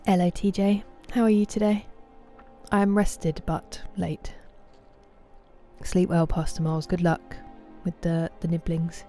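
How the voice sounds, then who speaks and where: A woman's voice: fairly low pitch, little pitch movement, measured pace, warm tone, soft background music. A British woman streaming a game, chatting casually and greeting her viewers by name. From Britain. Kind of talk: casual chat with viewers while gaming.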